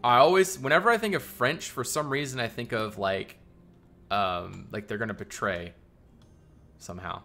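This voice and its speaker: A man's voice: medium pitch, moderate pace, vocal fry, bright, forceful tone, soft background music. A man streaming live and chatting casually with viewers, thinking aloud in a rambling way and laughing often.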